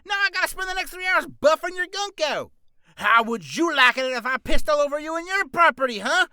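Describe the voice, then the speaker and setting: A hollering, cantankerous old southern grandpa, as a man puts him on, with a drawl and bright, tense shouts. The voice rises high and swings wildly as he blusters threats. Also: animated, a little fast, no room sound, clean studio sound, full character voice. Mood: angry ranting. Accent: put-on American Southern drawl.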